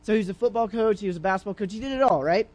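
A young preacher talks very fast in a high voice during a casual church sermon. Rambling through his own stories with frequent restarts and fillers, he bursts into loud acted-out voices.

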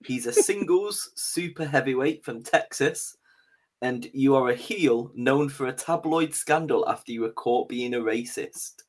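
A man chatting casually on a podcast, loose and jokey, quick to laugh. His voice sits at an ordinary pitch and comes through a remote call. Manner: laughs often, loose and joking. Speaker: podcast host. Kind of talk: casual chat.

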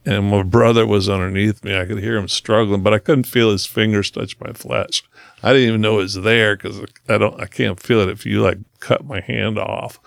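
A man speaking as a podcast guest, telling his own story in earnest conversation and slowing down to stress key moments. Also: on the low side, steady tone, creaky, dry recording, studio quality.

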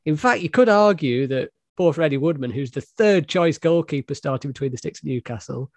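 A man's voice: fairly high pitch, animated, a little fast, a little mellow, no room sound. A man hosting a football podcast in a casual, joking, self-deprecating way. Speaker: podcast host and editor-in-chief.

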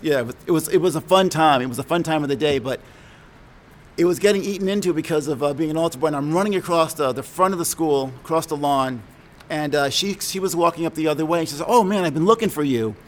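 A middle-aged man from New York telling a personal childhood story in a reflective, conversational way, often pausing and correcting himself. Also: on the high side, a little hiss or hum. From New York, USA. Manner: conversational, halting, self-correcting. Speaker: speaker sharing a personal story.

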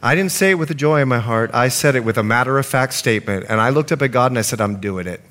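A man's voice: medium pitch, fast. A middle-aged man preaching a sermon as pastor, telling stories with acted-out quotes. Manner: storytelling with lively acted quotes.

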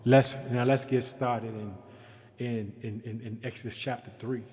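A man preaching a sermon with fervent energy, building phrase on phrase and pushing his voice up into near-shouted pleas. His voice sits at an average pitch for a man. A long reverb trails after his words. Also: little pitch movement, measured pace. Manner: speaks in short repeated phrases.

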